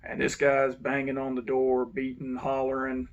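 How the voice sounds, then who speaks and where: A man's voice: medium pitch, completely flat delivery, normal speed, dull audio. A man, a former correctional officer, telling a frank, blunt story with the occasional curse. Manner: blunt, frank, swears now and then. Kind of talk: casual first-person storytelling.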